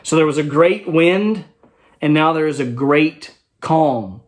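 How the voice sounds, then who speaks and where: A man's voice: a little high, expressive, slow. A man teaching a Bible study in a conversational way, explaining a passage verse by verse and checking in with his listeners.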